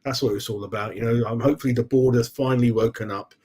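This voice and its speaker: A man's voice: mid-range voice, fairly even intonation, quick pace, a little mellow, breathy edge. A middle-aged man hosting a casual live fan stream, chatty and blokey, calling his viewers mate. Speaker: fan channel host. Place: home room.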